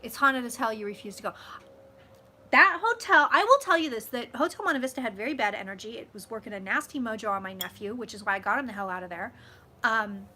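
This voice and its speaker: A woman chatting casually with her viewers on a live stream, swearing freely and swinging loud and soft as she talks. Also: on the high side, lively intonation, fast, a little hiss or hum. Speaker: psychic vlogger hosting a live stream.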